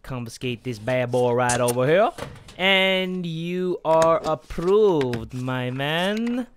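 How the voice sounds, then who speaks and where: A man voicing a gruff, deep-voiced male border inspector in a video game playthrough, talking low, slow and mock-serious. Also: animated, a little hiss or hum.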